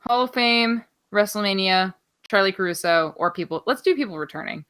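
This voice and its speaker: A woman's voice: mid-range voice, expressive, fairly quick, a bit bright, clear, resonant tone. A woman co-hosting a podcast, chatting casually through wrestling news in an offhand, rambling way, swearing freely and filling gaps with ums. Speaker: podcast co-host.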